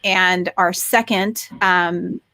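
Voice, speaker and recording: A woman's voice: on the low side, steady tone, drawn-out words, sharp tone. A woman co-hosting a podcast in casual chat, talking with eager enthusiasm and many restarts and fillers. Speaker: podcast co-host.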